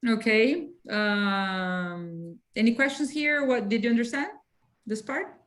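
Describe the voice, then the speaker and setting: A woman's voice: fairly high pitch, fairly bright tone, poor audio. Woman teaching English patiently. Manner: patient, explains slowly and checks for understanding.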